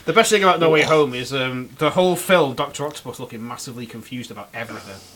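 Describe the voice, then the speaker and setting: A man's voice: medium pitch, fast talker, a bit bright, slight background noise. A man co-hosting a casual podcast, swearing a lot and slipping into silly voices as he chats. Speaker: podcast co-host. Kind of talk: casual chat.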